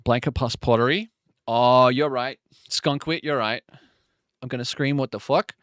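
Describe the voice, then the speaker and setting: Slow-talking man muttering guesses. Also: medium pitch, clear, resonant tone, dry recording, studio quality. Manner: muttering guesses, sudden excited outbursts. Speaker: streamer. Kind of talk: live game stream, thinking aloud.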